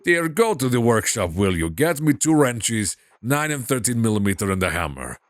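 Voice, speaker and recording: A man voicing a gruff older father in a game with a put-on Russian accent, speaking low and bossy. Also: sing-song, normal speed, no room sound, natural voice.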